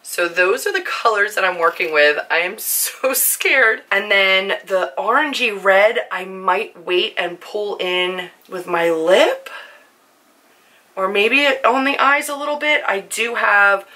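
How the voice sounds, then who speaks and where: A young woman with a hoarse, worn-out voice, chatting casually to camera about her makeup, nervous and full of "like" fillers. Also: medium pitch, measured pace, sharp tone. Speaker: book and beauty vlogger.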